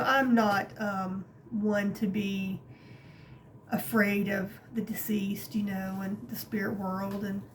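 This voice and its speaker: A woman vlogger telling a personal story in a chatty, animated way, with many fillers and some laughter, from her craft room at home. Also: mid-range voice, a little hiss or hum. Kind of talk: casual storytelling to camera.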